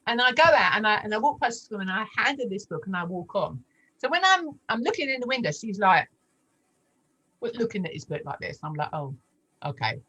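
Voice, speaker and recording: Animated woman telling a story. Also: a little fast, husky, rough recording. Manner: animated storyteller, acts out dialogue with big pitch jumps. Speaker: guest sharing testimony. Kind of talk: storytelling testimony in a casual chat.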